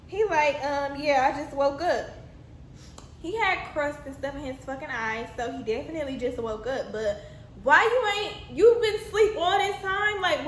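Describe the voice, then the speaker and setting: Animated high-voiced young woman telling a story. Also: slight background noise. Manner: animated, profane, exasperated. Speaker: storytime vlogger. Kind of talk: casual storytelling. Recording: echoey room.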